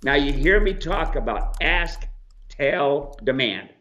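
Animated folksy man, dull lo-fi sound. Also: fairly high pitch, slow. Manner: animated, acts out animals and people in quoted asides. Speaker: mule trainer and show host. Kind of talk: casual folksy advice.

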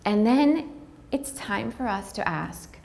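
A woman speaks at a mid pitch for a woman, telling her own story in a candid and heartfelt way. She uses casual fillers and sometimes speeds up to act out bits of conversation. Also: animated, gravelly, darkish tone. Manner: acts out dialogue in quick bursts. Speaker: speaker on pregnancy loss. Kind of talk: personal storytelling talk.

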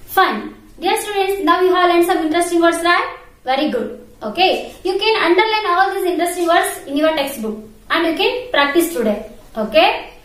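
A woman with a high, somewhat bright voice teaches primary school English online from a very echoey room. She spells words letter by letter and repeats how they are pronounced.

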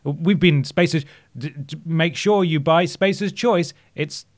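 A man's voice: a little high, unhurried, voice pushed up, close to an everyday voice. A man voicing a cheerful, brand-loyal male space colonist who repeats slogans in a sing-song way. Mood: chipper. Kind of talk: podcast impression.

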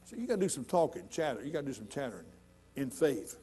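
A middle-aged man preaching a sermon in a church, folksy and conversational, building to loud emphatic points. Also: mid-range voice, very animated, fast, faint music behind. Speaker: pastor.

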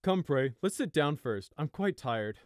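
A man voicing a hardened, zealous young male deer who speaks in a loud, forceful, clipped way. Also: a little high, big pitch swings, a little slow, no room sound, studio quality, voice pushed up. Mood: tired, firm.

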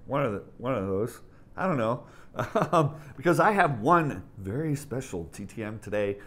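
A man's voice: mid-range voice, animated, normal speed, fairly bright tone. A man hosting his own autograph collecting channel, talking in an upbeat, chatty way with fillers and self-corrections. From United States. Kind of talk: casual enthusiastic vlog.

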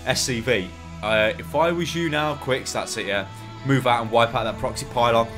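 A man's voice: medium pitch, moderate pace, music in the background. A man commentating an esports match on a headset, joking and rambling in casual banter. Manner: jokey, rambling, teasing.

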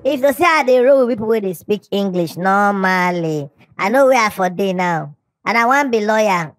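A woman voicing a cheeky, scheming schoolboy who speaks with a Nigerian Pidgin accent and lectures loudly. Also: medium pitch, animated, normal speed, over music, lightly acted. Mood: boastful. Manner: boisterous, preachy.

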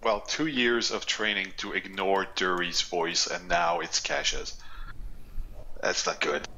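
A man with a very deep voice and a bright, forceful edge grumbles dryly to his raid group. A faint hiss lies under his voice-chat signal. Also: slow, lo-fi sound. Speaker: gamer in a raid. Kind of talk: online gaming voice chat.

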